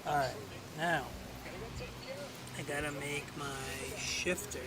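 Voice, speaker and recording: A man hosting a casual livestream, rambling and swearing as he thinks out loud. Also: fairly high pitch, steady tone, slow pace, a loud crowd. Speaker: livestream host. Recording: loud vehicle and game noise behind.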